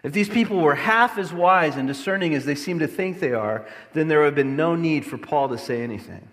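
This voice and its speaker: A man preaching a sermon as a pastor, passionate and emphatic, swinging from loud lines to quiet, low ones. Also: animated, a little fast. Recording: long hall reverb.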